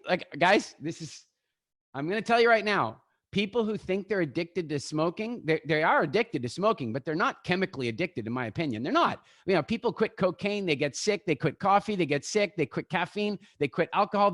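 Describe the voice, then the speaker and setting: A man talking to an online audience over a video call, his pitch rising and falling in a lively way. He acts out little scenes and turns to his listeners directly. The sound is dry and close. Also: brisk, no echo. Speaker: guest speaker. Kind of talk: live online talk to an audience.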